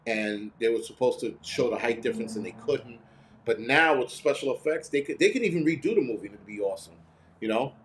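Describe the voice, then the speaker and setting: A man hosting a live stream, chatting casually and reading viewer comments, ranting bluntly with lots of swearing and quick imitations of other people. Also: mid-range voice, lively intonation, slight background noise. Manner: mimics others in quoted voices.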